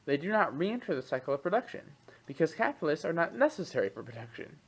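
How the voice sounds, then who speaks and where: A man in a reading group, reading long passages of a text aloud and then stopping to comment on them in a relaxed, thinking-aloud way. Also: fairly high pitch, fast talker, husky, rough recording.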